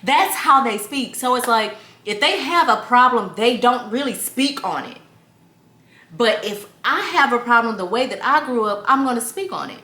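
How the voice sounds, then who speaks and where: Her voice runs on the high side at a normal speed. A young lifestyle vlogger, she chats casually and tells animated stories directly to her viewers, in an echoey room.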